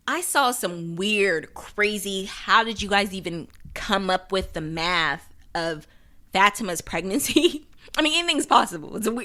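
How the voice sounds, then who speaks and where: Young woman podcast host, bright tone, casual chatty recap, laughs a lot. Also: mid-range voice. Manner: chatty, laughs often, acts out quotes.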